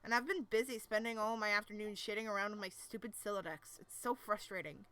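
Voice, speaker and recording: A woman voicing a cool, deadpan teenage boy from Texas, trying for a drawled southern accent. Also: medium pitch, fast, natural voice. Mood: deadpan teasing. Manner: weak put-on southern drawl.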